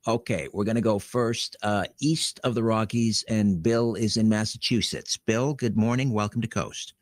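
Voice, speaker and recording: A low-pitched man hosts a call-in radio show, talking in a measured, hesitant way with ums and drawn-out words. His voice is close and dry. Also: no room sound. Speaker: radio host. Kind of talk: late-night call-in radio.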